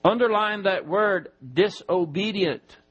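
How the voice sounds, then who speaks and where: High-voiced preacher teaching scripture. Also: male voice, a bit bright, slightly rough, highs cut off. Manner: teaching Bible verses, spelling out Greek words slowly. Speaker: pastor. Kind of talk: sermon. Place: church.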